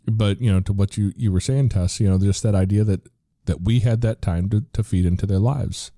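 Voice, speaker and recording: A man's voice: on the low side, a little fast, dark tone, no room sound, clean studio sound. An American man in his forties, a podcast host, talking earnestly in casual conversation with frequent restarts.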